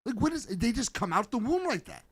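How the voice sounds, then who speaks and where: Very high and husky, his voice moves a little fast as he co-hosts a casual video-reaction podcast. He's animated and mocking, full of jokes, and prone to sudden shouting.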